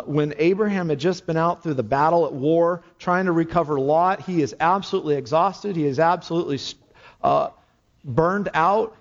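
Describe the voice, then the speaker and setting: A man preaches with earnest conviction, building into fervent exhortation. His voice sits on the high side for a man. The recording is dull and lo-fi. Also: a little mellow. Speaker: pastor. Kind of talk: sermon. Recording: dull lo-fi sound.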